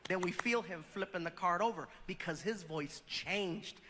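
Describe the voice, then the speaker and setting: A man telling a stand-up story, animated and acting out voices. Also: high-pitched, moderate pace, in a large hall, noisy background. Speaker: stand-up comedian.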